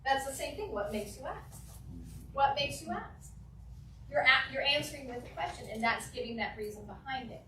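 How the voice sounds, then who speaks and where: A woman teaching a real estate class, acting out client conversations in a lively, animated way. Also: sits high, fairly quick, a little hiss or hum. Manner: animated, acts out client dialogues. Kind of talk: classroom training talk. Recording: echoey room from a distance.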